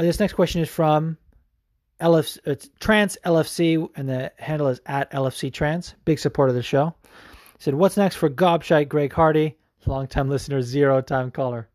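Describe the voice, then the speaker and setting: A man's voice: a little high, darkish tone, no echo, clean studio sound. Profane rambling male podcast host. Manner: profane, rambling, frequent fillers. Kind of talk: casual podcast commentary.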